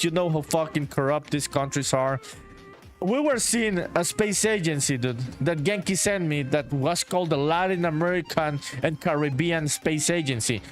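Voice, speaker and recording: A man from Honduras, a solo game developer chatting casually on a live stream, swearing freely and reading viewer comments aloud. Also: fairly high pitch. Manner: laid-back, profane, reads chat aloud and answers it. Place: home in a small town.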